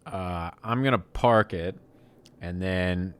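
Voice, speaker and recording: A man playing a tabletop game, chatting in a relaxed, hesitant way. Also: low-pitched, slow pace, clear, resonant tone, no echo. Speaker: player. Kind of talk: casual game chat.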